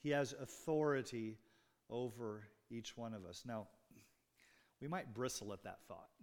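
A man's voice: mid-range voice, measured pace. A man preaching a sermon as a pastor, explaining scripture in an earnest, emphatic way. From United States.

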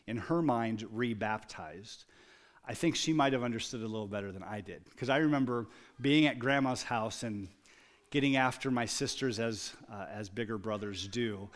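A man preaching a sermon, moving from quiet, reflective storytelling to loud, emphatic exclamations. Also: fairly low pitch. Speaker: pastor.

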